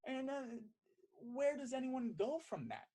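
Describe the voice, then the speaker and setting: A man with a slightly husky voice performs stand-up comedy over a video call. His delivery is animated and mock-exasperated, with a pitch that swings widely as he plays out everyday exchanges. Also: unhurried.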